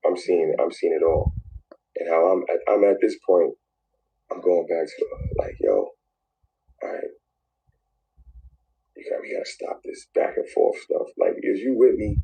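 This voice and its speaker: A man recounts a personal story in a very deep, dark, gravelly voice with a husky edge. He circles back over the same phrases and sinks to near whispers. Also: big pitch swings, rough recording. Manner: repetitive, drawn-out, dropping to near whispers. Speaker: guest telling his story in a played clip.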